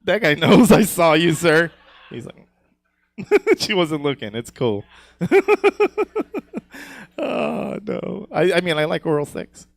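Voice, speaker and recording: A man's voice: high voice, animated, takes it slowly, creaky, pauses often, no room sound. A man doing a live stand-up set on a comedy stage, crude and rambling, laughing at his own jokes and often asking "you know what I'm saying".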